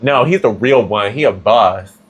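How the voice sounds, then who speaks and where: A man's voice: on the low side, lively intonation, measured pace, slightly rough. A man giving a casual tarot reading, chatty and slangy, with plenty of filler words. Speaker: tarot reader.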